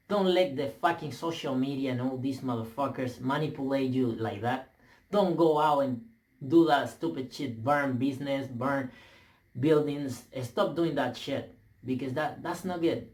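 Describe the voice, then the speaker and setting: A man's voice: medium pitch, a little mellow. Heated Spanish-accented young man ranting. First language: not English. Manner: profane, emphatic, halting restarts. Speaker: vlogger. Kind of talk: heated rant to camera. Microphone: camera mic.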